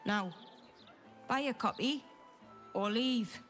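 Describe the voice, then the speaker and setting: A man's voice: extremely high pitch, slow, a bit bright, full character voice. An actor playing an impatient male newspaper seller in a video game, curt and pushy, over faint music.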